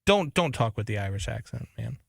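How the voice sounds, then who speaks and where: A man co-hosting a sports radio show, giving animated, emphatic opinions in casual banter. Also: mid-range voice, fairly quick, vocal fry, husky, dry recording, clean studio sound.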